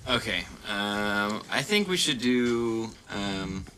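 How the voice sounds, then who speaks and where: A man co-hosting a laid-back podcast, talking in an easygoing way with frequent hesitant pauses. His voice is low and bright, with faint noise behind it. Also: lively intonation, rough recording. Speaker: podcast co-host. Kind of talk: casual chat.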